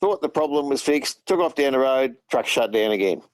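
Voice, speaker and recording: A man's voice: mid-range voice, animated, brisk, no echo, poor audio. A man with an Australian accent, a truck driver and regular guest, telling long rambling anecdotes in casual chat and retelling what others said. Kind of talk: casual phone-in storytelling.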